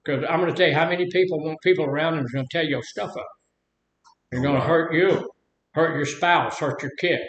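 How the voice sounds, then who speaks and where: A man's voice: fairly high pitch, fairly quick, a bit bright. An older man telling stories in a rambling, folksy way while teaching about anger in a casual talk. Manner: folksy, rambling storyteller who acts out quotes. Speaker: speaker leading a talk on anger. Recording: echoey room.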